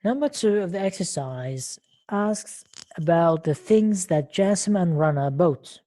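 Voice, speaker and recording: A woman's voice: lowish voice, animated, a little slow, mellow. A woman teaching an English lesson on an online call, speaking patiently and repeating words and questions for her learners.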